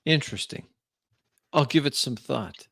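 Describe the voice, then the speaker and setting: A man's voice: medium pitch, animated, moderate pace, gravelly, a bit bright, slightly rough, no room sound, studio quality, voice pushed up, exaggerated voice. A man voicing a still, red-eyed robot crime boss in a tabletop game who speaks in a cool, probing, businesslike manner.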